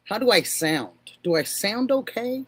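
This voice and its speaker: Slow-talking older woman greeting viewers. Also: medium pitch, sing-song, slightly rough. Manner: affectionate, calls viewers honey and sweetheart. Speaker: livestream host. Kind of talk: casual live-stream chat greeting viewers.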